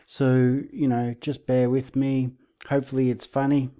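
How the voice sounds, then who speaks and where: A man hosting his own channel, talking through game rules in a relaxed, slightly sarcastic way. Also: medium pitch, normal speed, dull audio. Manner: relaxed, self-aware, a bit sarcastic. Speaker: channel host. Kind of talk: casual commentary video.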